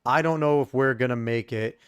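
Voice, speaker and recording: A man's voice: mid-range voice, brisk, clean tone. A man co-hosting a podcast, laying out an argument in emphatic, casual commentary. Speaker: podcast co-host.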